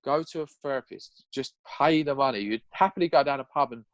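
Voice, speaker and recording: A young man speaks candidly and earnestly as a podcast guest, his talk raw and peppered with swearing. His voice sits at an ordinary middle pitch. The recording is close and dry, with no room sound. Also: fairly quick, no echo, highs cut off. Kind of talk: candid personal storytelling.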